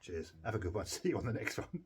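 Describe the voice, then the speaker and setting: A man's voice: lowish voice, sing-song, quick pace. A man talking casually and self-mockingly as he fixes a cheap guitar, a bit tired and giddy, with guitar playing behind. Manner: rambling, sweary, self-mocking. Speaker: guitar repair vlogger. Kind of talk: casual chat.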